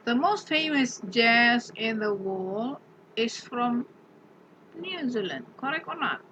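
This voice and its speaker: A woman's voice: a little high, dull audio, background noise. A woman teaching an English grammar lesson. She patiently repeats example words and keeps asking the class questions.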